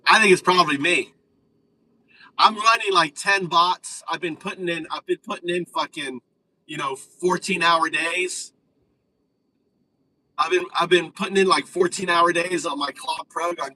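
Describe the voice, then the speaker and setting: Excitable swearing man streaming live. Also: a little high, measured pace, far from the mic, rough recording. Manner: excitable, swearing, trailing restarts. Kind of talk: casual live-stream chat. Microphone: phone.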